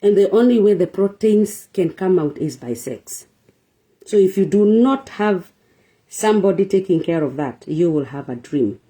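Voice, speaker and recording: Woman, mellow voice, relationship talk host, rhetorical questions, repeats her points. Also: on the low side, animated, normal speed. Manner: rhetorical questions, emphatic repetition. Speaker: show host. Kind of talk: preachy relationship talk monologue.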